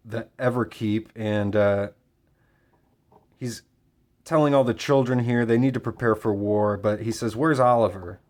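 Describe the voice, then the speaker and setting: A man casually summarizing and reviewing a comic book issue, talking with frequent fillers and pauses. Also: on the low side. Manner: relaxed, hesitant with fillers.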